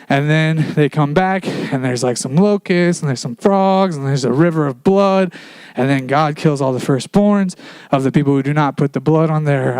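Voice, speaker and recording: A man preaching a casual sermon in a church, retelling scripture as a relaxed story in everyday slang. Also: on the high side, clean tone, dry recording.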